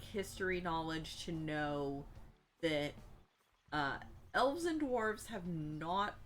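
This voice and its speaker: Low-voiced woman casually recapping a game. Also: fairly bright tone. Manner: rambling, many fillers and asides. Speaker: player recapping a tabletop game.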